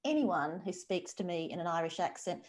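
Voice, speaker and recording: A woman's voice: fairly low pitch, lively intonation, a little fast, a crowd in the background. A woman with an Australian accent moderating a live festival conversation with a novelist, speaking in an enthusiastic, conversational way. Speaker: interviewer and moderator.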